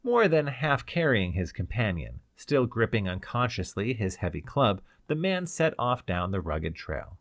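A man narrating an audiobook in a steady storytelling voice with a lively melody. The sound is close and dry, with no room around it. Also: on the low side, measured pace, few pauses, no echo.

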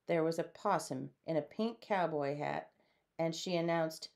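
A woman reading a storybook aloud in a lively way, changing her voice for the characters. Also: low-pitched, measured pace, creaky. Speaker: storybook reader. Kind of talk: read-aloud storybook narration.

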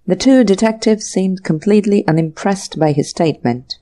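A woman narrating an audiobook mystery in a slow, measured reading. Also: medium pitch, mellow.

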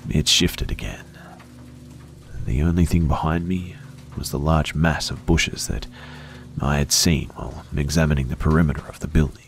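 A man reading a first-person horror story aloud in a hushed, dramatic way, slipping into whispers at tense moments. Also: extremely low pitch, gravelly.

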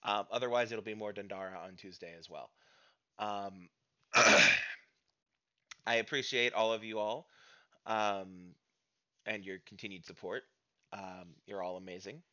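An American man chats casually at the end of a stream, rambling, with many fillers and restarts. His voice sits a little low but has a bright, forward edge. The audio is dull and lo-fi. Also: steady tone, measured pace, long pauses. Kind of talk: casual stream outro chat.

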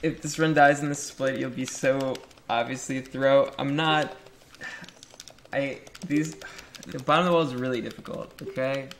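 A man's voice: mid-range voice, fairly even intonation, normal speed, background noise. A man streaming a game live, joking crudely with his chat and swearing often. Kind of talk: live-stream gameplay commentary.

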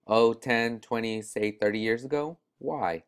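A man's voice: medium pitch, a little slow, clean tone, natural voice. A man voicing a shrewd old male shoe-store owner in a story reading, speaking in a dry, knowing, matter-of-fact way.

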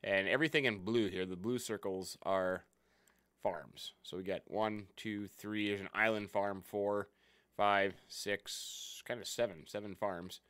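A man's voice: lowish voice, fairly even intonation, measured pace, a bit bright, clean tone. A man hosting a casual let's-play stream, chatting and greeting viewers by name. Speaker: game streamer.

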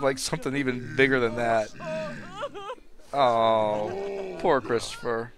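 A man's voice: medium pitch, steady tone, moderate pace, long pauses. A man giving casual gameplay commentary on a life-sim game, talking to his characters and laughing often. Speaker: let's play host. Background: game music.

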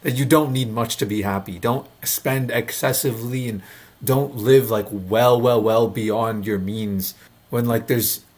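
A man's voice: medium pitch, steady tone, a little slow, darkish tone. A man hosting a reaction video, talking bluntly and mocking what he watches in casual, sarcastic commentary.

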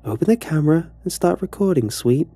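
A man voicing a cruel teenage girl bully who talks in a calm, falsely sweet, sneering way. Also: fairly high pitch, fairly quick, slightly rough, no room sound, voice pushed up. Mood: sweetly menacing.

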